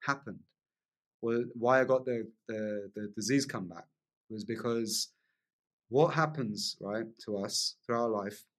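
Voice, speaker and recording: A man's voice: on the low side, measured pace. A man, a podcast guest, vividly telling a personal story in casual conversation, laughing often and leaning on lots of "like" fillers.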